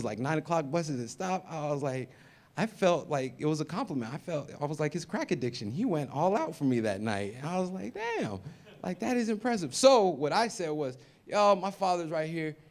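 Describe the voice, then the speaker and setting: A man in his thirties doing a stand-up comedy set. He tells stories and acts out the other people in them, swinging between loud and soft. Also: on the high side, very animated, fairly quick. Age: 30s.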